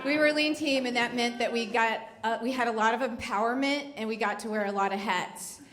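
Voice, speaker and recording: A woman's voice: fairly high pitch, fairly quick, noisy background. Wry middle-aged woman telling a story on stage. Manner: wry, conversational, joking. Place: live venue before an audience. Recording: echoey live hall.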